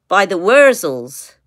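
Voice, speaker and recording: A woman's voice: medium pitch, a bit bright. A woman from the UK chatting and laughing through tangents on a live makeup stream. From United Kingdom. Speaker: beauty vlogger. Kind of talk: live makeup tutorial chat.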